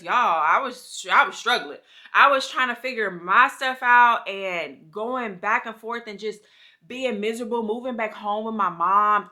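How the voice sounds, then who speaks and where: A woman's voice: medium pitch, sharp tone. A woman in her thirties speaking candidly in a personal vlog, heartfelt and slangy, talking straight to her viewers. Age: 30s. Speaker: vlogger.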